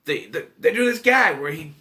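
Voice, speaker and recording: A man casually recapping a film plot in a rambling, animated way, acting out his own reactions. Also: high voice, moderate pace. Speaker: movie reviewer.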